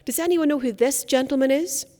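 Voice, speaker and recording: Crisp woman coaching in a reverberant hall. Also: high voice, a little fast, dark tone. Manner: crisp, clearly enunciated, theatrical emphasis. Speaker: speaking coach. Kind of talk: conference workshop talk. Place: conference hall.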